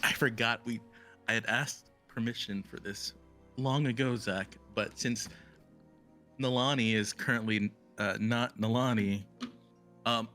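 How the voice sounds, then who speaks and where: A young man with a bright, forward voice and a slightly low pitch, talking his way through his turn in a tabletop game. He rambles, circling back with lots of fillers. Faint music plays behind him. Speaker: player.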